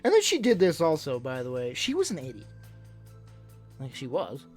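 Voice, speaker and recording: A man's voice: mid-range voice, wildly swooping pitch, normal speed, faint music behind. A man livestreamer chatting casually to his audience, telling stories in a blunt, rambling way. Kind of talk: casual chat to a live stream audience.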